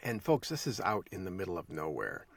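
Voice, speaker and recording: A man's voice: low-pitched, very animated, fairly quick, gravelly, slightly rough, no room sound, recorded from a distance. A man hosting a podcast, telling a folksy story in a casual monologue and chuckling along the way. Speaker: podcast host.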